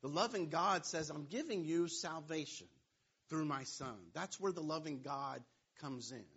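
Retelling a scripture story in a joking, playful way, this pastor speaks a little slowly in a slightly high, fairly bright voice with a breathy edge, tossing asides to his audience during the sermon. The recording sounds dull and lo-fi.

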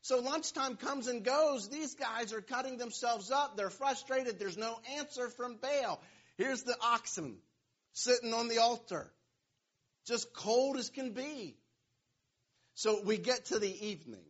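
Husky pastor telling a lively story. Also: male voice, very high voice, a little slow. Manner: storytelling, playful, jokey asides. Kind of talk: sermon. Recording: dull, lo-fi sound.

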